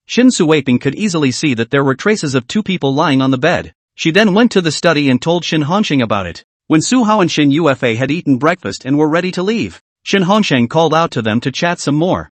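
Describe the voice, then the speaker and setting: Lively male story narrator. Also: fairly high pitch, fairly quick, few pauses, no room sound. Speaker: recap narrator.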